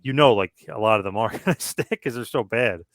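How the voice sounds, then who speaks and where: A man co-hosting a casual podcast, breaking down wrestling history quickly and thinking out loud. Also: fairly low pitch, no echo, clean studio sound. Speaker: podcast co-host.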